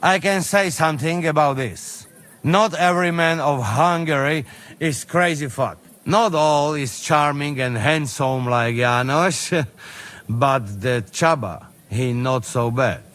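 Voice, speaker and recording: Janos, a brash Slovak mercenary. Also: male voice, a little high, slow pace, a bit bright. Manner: broken English, cajoling. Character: brash male Slovak mercenary, blunt and folksy.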